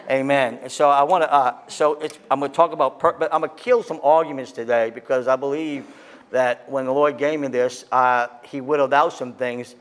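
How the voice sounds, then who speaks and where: A pastor with a medium-pitched voice preaches with excitable passion, veering from loud crescendos down to gentle scripture readings.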